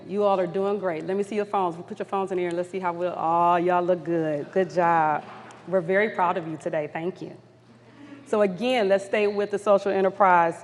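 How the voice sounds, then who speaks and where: A woman facilitator leading an audience through polling questions at a community summit, upbeat and encouraging. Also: on the low side. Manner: upbeat, encouraging, apologetic when flustered. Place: large conference hall. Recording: long hall reverb.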